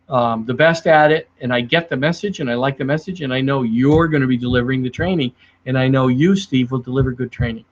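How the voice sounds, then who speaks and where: A middle-aged man who trains salespeople. He talks in a lively way to the camera and acts out his clients as he tells stories. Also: mid-range voice. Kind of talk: speaking to the camera about selling. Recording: dull lo-fi sound.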